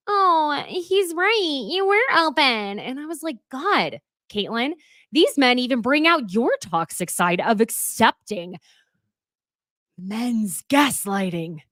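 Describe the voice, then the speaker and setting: A young woman from Oklahoma hosting a sassy, animated recap chat, dropping into hushed asides and quoted voices. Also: medium pitch, dry recording, studio quality. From Oklahoma, USA. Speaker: host.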